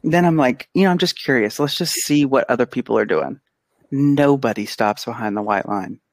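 A man co-hosting a podcast, telling an animated, casual story and acting out the quotes. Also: mid-range voice, moderate pace, dry recording. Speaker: podcast co-host; pediatric physical therapist. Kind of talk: casual chat.

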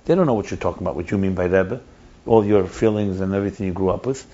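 A man's voice: low-pitched, quick pace, warm tone. A man explaining ideas in a conversational teaching style, emphatic and repeating his key points. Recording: dull lo-fi recording.

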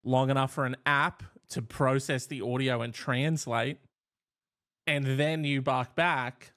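A man's voice: medium pitch, steady tone, measured pace, a bit bright. A man co-hosting a casual advice podcast, joking around and riffing into mock-indignant rants. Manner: jokey, riffs on ideas, mock-indignant rants. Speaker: podcast co-host.

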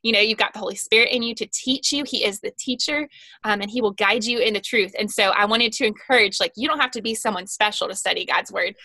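A woman's voice: medium pitch, quick pace, bright, forceful tone, dry recording. A woman guest on a Christian podcast, talking earnestly and at length about her Bible study guide, with frequent fillers. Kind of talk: casual podcast conversation.

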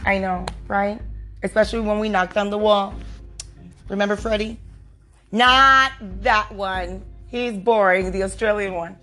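A woman's voice: mid-range voice, level tone, normal speed, faint music behind. A woman hosting a podcast from home, chatting casually in a teasing, playful way and laughing often. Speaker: podcast host. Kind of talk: casual chat. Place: at home, back porch.

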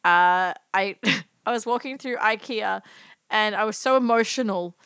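A woman's voice: mid-range voice, unhurried, gravelly, fairly bright tone, clean tone, no room sound. A woman co-hosting a casual chat who giggles often and shares stories about her day. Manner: giggly, chatty. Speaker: podcast co-host.

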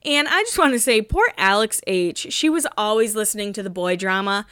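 A woman's voice: mid-range voice, animated, brisk, fairly bright tone, clean tone, no echo, studio quality. A woman in her thirties hosting a podcast, chatting casually with giggly asides while getting over a cold. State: has a cold. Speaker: podcast host. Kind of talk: casual recap chat.

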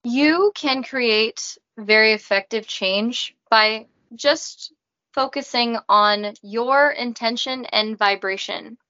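A woman voicing a calm, detached female spirit guide she channels, speaking in a flat, robotic monotone. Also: fairly high pitch, slow, lo-fi sound. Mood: solemn.

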